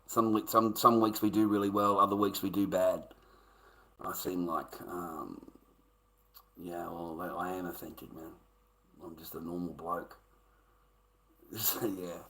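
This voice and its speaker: A lowish, forceful male voice with a broad Australian accent. He rambles through casual stories as a livestreamer, swearing freely and calling everyone mate. The tone stays bright and pushy even when he talks quietly. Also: a little slow, pauses often, rough recording. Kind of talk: casual storytelling chat.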